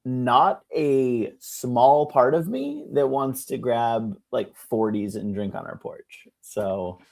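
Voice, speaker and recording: Animated gravelly man telling a story. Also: medium pitch, takes it slowly. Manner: animated storyteller, mimics people with shouts and laughs. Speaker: podcast co-host. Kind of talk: casual chat.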